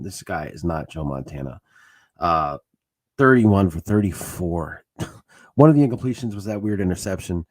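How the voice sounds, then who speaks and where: A man's voice: low-pitched, husky. Furious swearing football fan man. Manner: swearing, shouting outbursts between sarcastic retelling. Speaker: sports vlogger. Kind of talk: angry fan rant.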